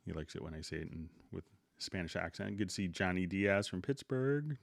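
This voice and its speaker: A middle-aged man hosting a live software tutorial stream in a relaxed, unhurried way, greeting viewers by name before he demonstrates. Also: low voice, gravelly, no room sound, clean studio sound.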